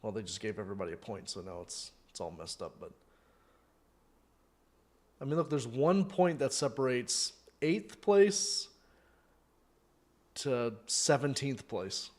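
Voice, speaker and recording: Male fan host, casual live-match chatter, rambling, prone to loud outbursts. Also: mid-range voice, expressive, measured pace, pauses often. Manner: chatty, rambling, thinks aloud with fillers; bursts into loud disbelieving shouts at goals.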